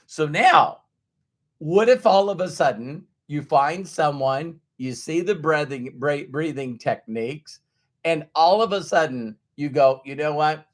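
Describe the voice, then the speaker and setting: A man giving a motivational talk to an audience, acting out everyday inner voices in an animated way. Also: fairly high pitch, unhurried. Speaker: motivational speaker.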